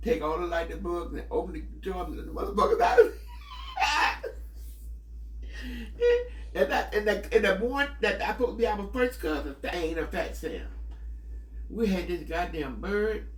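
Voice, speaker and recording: A man's voice: sits high, very animated, normal speed, roomy sound, recorded from a distance. A man, rambling through profane, laughing childhood memories. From Mississippi, US South. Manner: rambling, profane, laughs often mid-story. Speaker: storyteller. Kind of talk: casual reminiscing.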